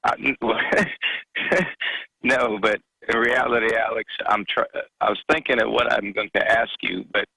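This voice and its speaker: A man's voice: on the low side, fairly even intonation, creaky, sharp tone, breathy edge, no room sound, low-quality recording. A man calling in to a talk radio show, a truck driver speaking earnestly and with passion, stumbling over his words. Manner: earnest, impassioned, halting.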